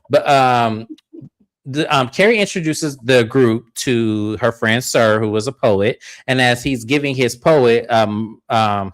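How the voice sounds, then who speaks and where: Recorded with no room sound, this man shares hosting duties on a reality TV recap. He narrates casually and keeps jumping into high-pitched voices to imitate the cast.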